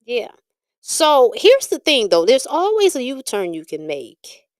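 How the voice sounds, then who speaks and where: A woman tarot reader and medium on a livestream, talking bluntly and profanely in an animated rant, laughing often. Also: high voice, unhurried, dry recording, clean studio sound. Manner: frequent laughter.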